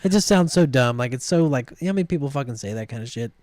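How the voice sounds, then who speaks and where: A man's voice: medium pitch, animated, racing, a little mellow. A man co-hosting a wrestling podcast in casual chat, talking bluntly and swearing constantly.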